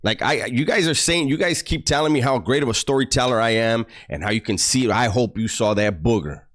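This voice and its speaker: A man telling profane, animated stories about prison to his online audience. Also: medium pitch, fairly quick. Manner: animated, profane, mock-disgusted storytelling. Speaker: YouTuber recounting prison stories. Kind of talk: casual storytelling to a livestream audience.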